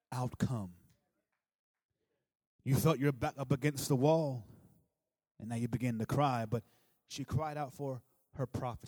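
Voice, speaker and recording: A man preaching a sermon with emphasis, swinging from loud declarations to soft, low asides and calling on the congregation to answer aloud. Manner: urges the congregation to respond aloud.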